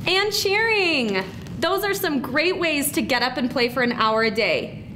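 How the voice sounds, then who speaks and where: A woman presenter speaking slowly and encouragingly to students at a school assembly. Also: sits high, expressive, bright, forceful tone, slight background noise. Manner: slow, encouraging, teacherly.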